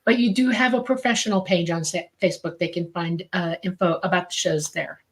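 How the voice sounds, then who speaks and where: A woman's voice: lowish voice, steady tone, brisk. A woman co-hosting a live show, talkative and emphatic, thanking a sponsor and chatting loosely with restarts. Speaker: podcast co-host. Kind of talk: casual chat and sponsor thanks.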